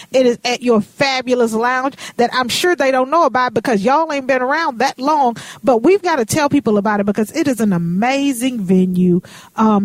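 A woman's voice: fairly high pitch, no echo. A woman hosting a radio talk show, chatting casually with folksy turns of phrase.

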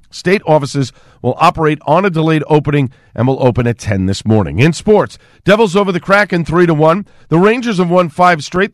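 A man reading the local news on radio with steady, clipped delivery. His voice sits a little high and the mic sound is dry and close. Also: dry recording. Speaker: newscaster.

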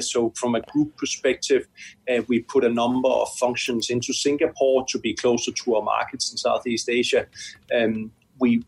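A man's voice: mid-range voice, vocal fry, breathy edge, rough recording. A man, a chief executive, answering business interview questions in a hesitant way with many fillers and restarts. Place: Singapore.

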